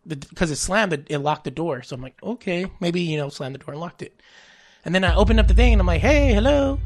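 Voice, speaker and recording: A podcast host telling a story in casual chat, laughing often and acting out what they said. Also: mid-range voice. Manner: animated, laughs often, acts out quotes.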